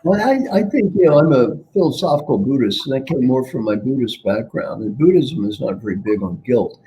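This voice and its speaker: A man's voice: medium pitch, lively intonation, a little fast, warm tone, low-quality recording. An older man, a guest coach, talking reflectively in an interview and repeating key phrases for emphasis. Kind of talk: reflective interview talk with storytelling.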